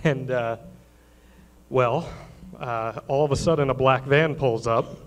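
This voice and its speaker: A man's voice: mid-range voice, slow. Man prompting a story on stage. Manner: prompting the guest to tell the story. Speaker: co-host. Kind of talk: hosting a live podcast stage show. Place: live stage show before an audience.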